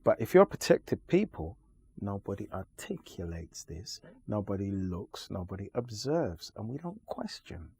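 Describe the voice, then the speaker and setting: A man's voice: lowish voice, sing-song, breathy edge. Emphatic man making his case. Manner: forceful, lecturing, deliberate pauses. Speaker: interview guest. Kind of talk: emphatic conversational argument.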